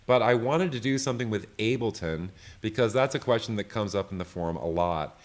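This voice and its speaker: A man giving a live online software tutorial, loose and chatty, often checking in with "right?". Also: fairly low pitch, expressive, brisk. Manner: loose, full of fillers and restarts. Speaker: software creator teaching a session.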